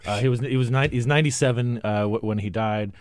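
A man's voice: mid-range voice, no echo. A man guest-hosting a political talk show in the studio, chatting casually with lots of restarts and fillers. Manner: halting, many restarts and fillers. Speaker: guest host. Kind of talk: casual podcast chat. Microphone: studio mic.

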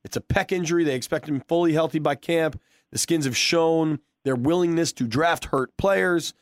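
A man's voice: on the high side, moderate pace, no echo, clean studio sound. A man hosting a casual sports podcast, joking and teasing his co-hosts. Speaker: podcast host.

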